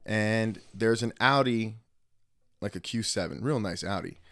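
A man's voice: on the low side, a little slow, a bit bright, dry recording, studio quality. A man, casually telling a story on a podcast, acting out quotes and swearing freely. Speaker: podcast co-host.

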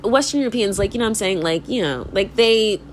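Young woman podcast host, loose and profane, very animated pitch, constant "like", quick laughs, faint background hiss. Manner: fills speech with "like". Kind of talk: casual monologue.

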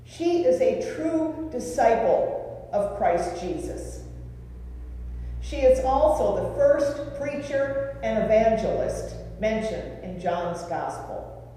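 A woman pastor preaching a sermon in a deliberate way, with rhetorical questions and lists, recorded in a church sanctuary. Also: a little high, lively intonation, dark tone, slight background noise. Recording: echoey hall from far off.

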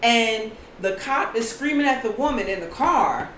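A woman recounting a news story in casual commentary chat, animated and profane. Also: fairly high pitch, normal speed. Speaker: co-host. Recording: echoey room with faint noise.

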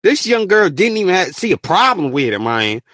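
A man hosting a podcast, ranting his opinion in an animated, profane way and bursting into shouts. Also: high-pitched, normal speed, no echo, clean studio sound. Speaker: podcast host.

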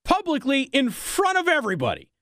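A man's voice: very high-pitched, huge pitch swings, a little fast, pushed and bright, no room sound. A man hosting a talk radio show in a studio, delivering a sarcastic, opinionated monologue and laughing at his own jokes.

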